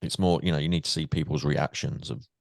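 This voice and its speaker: A man's voice: a bass voice, steady tone, fast talker, vocal fry, no echo. An English man hosting a podcast, chatting casually and laughing with his guest. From England. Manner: chatty, laughing, restarts often. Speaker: podcast host. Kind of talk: casual interview chat.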